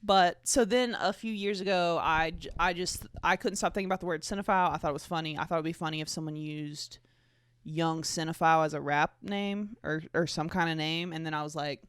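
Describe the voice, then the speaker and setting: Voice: mid-range voice, steady tone, a little fast, a bit bright, clear, resonant tone, dry recording. Joking, rambling twenty-five-year-old podcaster. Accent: Southern US. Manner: rambling, jokey and profane, with self-mocking asides. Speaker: podcast host. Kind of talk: casual solo podcast chat.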